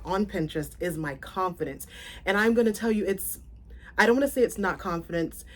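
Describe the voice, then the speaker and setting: A woman raised in South Florida, talking casually to her viewers in a vlog, animated and chatty, laughing and correcting herself as she goes. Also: fairly low pitch. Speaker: content creator.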